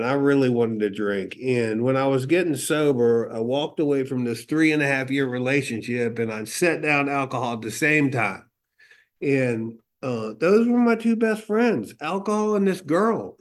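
Middle-aged guy sharing his sobriety story, chatty, lots of uh and he goes. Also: mid-range voice. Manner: candid storytelling with quoted dialogue and fillers. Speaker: recovery meeting speaker. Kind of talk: personal testimony.

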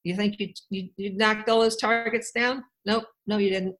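A woman's voice: medium pitch, steady tone, normal speed, fairly bright tone, poor audio. A woman from Wisconsin telling her own life story to a group, candid and rambling, with wry asides and frequent restarts. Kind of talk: personal storytelling talk.

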